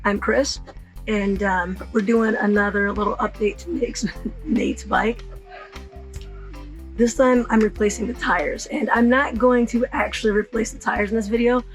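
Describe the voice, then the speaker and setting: A woman hosting a casual how-to video, hoarse from partly losing her voice, chatty and rambling with fillers and self-corrections. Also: a little high, fairly even intonation, a little slow, soft background music, low-quality recording. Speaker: channel host.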